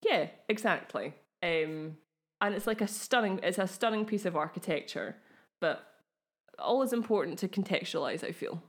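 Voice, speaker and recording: A woman with a Scottish accent co-hosting a casual podcast chat, reacting quickly with jokey asides. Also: on the low side, lively intonation. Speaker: podcast co-host.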